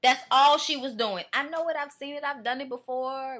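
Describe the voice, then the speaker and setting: A woman giving casual, profane commentary as a reality show reviewer, blunt and animated as she rants. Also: high voice, normal speed, hardly any pauses.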